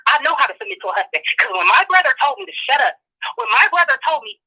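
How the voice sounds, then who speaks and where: A woman's voice: high voice, very animated, bright, forceful tone, breathy edge. Passionate, profane woman ranting. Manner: passionate, profane, rapid-fire lecturing. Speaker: show guest. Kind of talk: heated social commentary rant. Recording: dull lo-fi audio.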